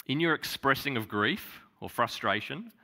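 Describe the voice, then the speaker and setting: Male pastor. Bright tone, animated pitch, earnest sermon delivery. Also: moderate pace, vocal fry. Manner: earnest preaching, repeats phrases for emphasis.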